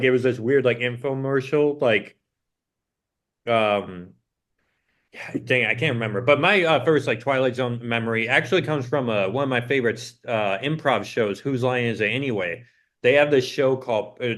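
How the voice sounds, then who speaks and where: Young man rambling with lots of "like". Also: mid-range voice. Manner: rambling, peppered with "like". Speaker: podcast co-host. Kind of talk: casual chat.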